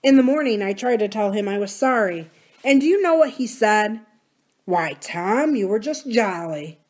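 A woman's voice: medium pitch, animated, normal speed, a little mellow, close to an everyday voice. A woman reading aloud as a grown rancher son, speaking in a raw, pleading way. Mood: rueful. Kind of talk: audiobook-style reading.

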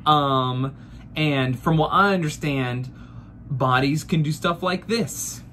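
A man's voice: on the high side, takes it slowly, heavy background noise. A man in his thirties doing a profane, mock-furious comedic rant full of rhetorical questions. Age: 30s. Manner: exasperated, profane ranting.

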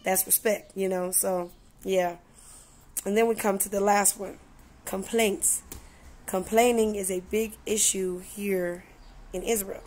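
A woman vlogging in a casual, chatty way, full of "you know" and "like", who acts out conversations with lively voices. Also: medium pitch. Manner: animated, acts out dialogue in voices. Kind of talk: casual storytelling vlog.

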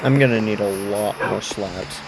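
A man's voice: lowish voice, normal speed, creaky, heavy background noise. A man giving casual commentary over a block-building game, chatting to the game and mocking himself. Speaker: gaming video creator.

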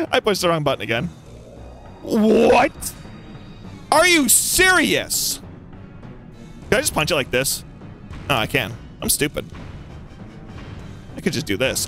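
Young male YouTuber doing playthrough commentary, animated pitch, quiet music underneath. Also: brisk, pauses often. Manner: excitable, yelling and taunting the boss. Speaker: gaming YouTuber. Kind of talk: let's play commentary.

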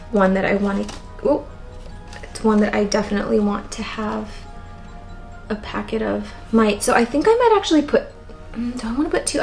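A woman with a raspy, tired voice and constant vocal fry, chatting casually in a plant vlog. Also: medium pitch, a little mellow, poor audio. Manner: chatty, rambling, lots of "like". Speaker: plant vlogger. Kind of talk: casual chat while potting plants.

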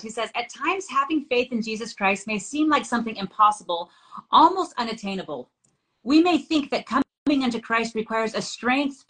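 A woman's voice: on the high side, pushed and bright, low-quality recording. A middle-aged woman hosting a scripture study discussion. She talks in an earnest way, reads passages aloud and tells family anecdotes. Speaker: host.

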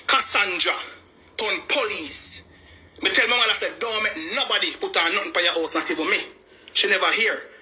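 A man's voice: high-pitched, bright, forceful tone, slight background noise. A man with a Jamaican accent giving a heated personal account, agitated and repeating himself for emphasis. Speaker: family member speaking out.

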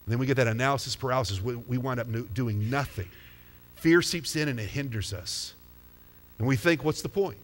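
A man's voice: mid-range voice, brisk. A man preaching a sermon as pastor, talking conversationally and putting questions to the congregation. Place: church sanctuary. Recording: long hall reverb.

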